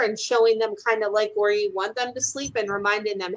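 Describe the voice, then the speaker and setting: A woman's voice: medium pitch, fairly even intonation, fairly quick, hardly any pauses, a bit bright, poor audio. A woman working as an animal communicator, chatting casually in a bubbly way and acting out what animals say in quoted voices. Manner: bubbly, acts out voices in quotes, many "like" fillers. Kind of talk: casual chat.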